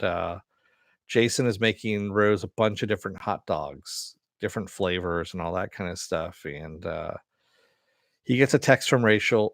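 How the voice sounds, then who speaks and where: Male reviewer, low-pitched, dry close mic, loose chatty recap style. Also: a bit bright, dry recording. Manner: loose, rambling retelling with many fillers and quoted lines. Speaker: TV episode reviewer. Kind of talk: casual recap narration.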